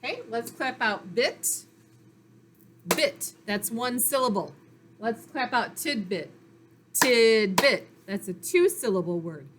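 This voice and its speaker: Woman phonics teacher, fairly high voice, slow and patient, encouraging young readers. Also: expressive, noisy background. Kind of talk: recorded reading lesson for children.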